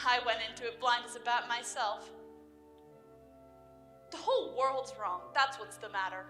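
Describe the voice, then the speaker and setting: A teenage girl playing a worried mother of the bride in a high school stage play. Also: normal speed, bright, forceful tone, soft background music. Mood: indignant. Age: teens. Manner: wistful, then indignant. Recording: echoey auditorium from a distance.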